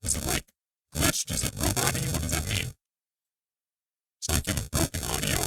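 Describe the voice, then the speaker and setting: A streamer in a room at home hosts a game livestream, chatting casually with viewers while swearing in frustration at broken equipment, his energy shifting quickly. His bass voice swings widely in pitch and sounds creaky and a bit bright. The distant, glitchy mic makes it come across distorted and robotic.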